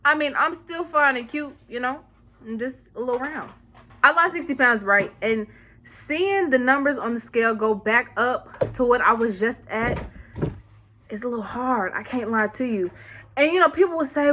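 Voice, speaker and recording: Bright, sassy young woman vlogger. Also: a little high, normal speed. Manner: sassy, animated, playful slang, laughs often. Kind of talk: casual chat to camera.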